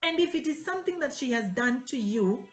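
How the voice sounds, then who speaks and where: Her voice sits high and she talks briskly. This pastor's wife gives an informal church teaching to her worship team, animatedly acting out dialogues in various voices, captured in a rough recording with roomy sound.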